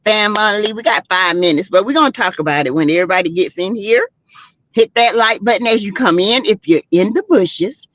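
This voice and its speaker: Lively woman hosting a gossip stream. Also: medium pitch, dry recording. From South Carolina, US. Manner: animated, exclaims, talks straight to the chat. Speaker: livestream host. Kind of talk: casual gossip livestream chat. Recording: dull lo-fi stream audio.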